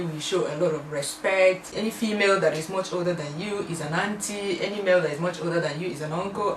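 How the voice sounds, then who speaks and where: A woman's voice: lowish voice, a bit bright, a little hiss or hum. A young Nigerian woman from the southeast, chatting playfully and laughing as she answers questions for a tag video. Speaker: vlogger. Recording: echoey room, voice from a distance.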